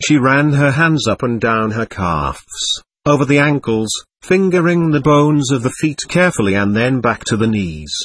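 Husky man reading a spiritual text. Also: mid-range voice, expressive, fairly bright tone, no echo. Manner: measured, earnest storytelling. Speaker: narrator.

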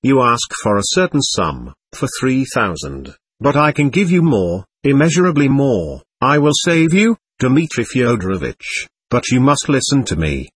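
A man voicing a gushing, domineering middle-aged lady who lectures and talks over others, with a husky voice. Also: medium pitch, big pitch swings, moderate pace, no echo.

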